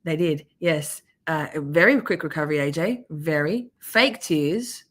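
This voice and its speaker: A woman hosts a loose, sarcastic livestream and picks apart courtroom clips with plenty of swearing. Her voice sits somewhat low. She talks straight to her chat like old friends. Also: animated, moderate pace. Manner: sarcastic, profane, chatty with live chat. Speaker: livestream commentary host. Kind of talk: casual commentary on trial clips.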